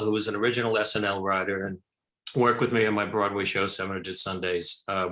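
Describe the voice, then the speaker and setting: Older male director guest, animated anecdote teller, bright voice, roomy studio sound. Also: lowish voice. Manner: animated storyteller, many restarts and fillers. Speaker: film director and actor, guest. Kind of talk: talk show interview.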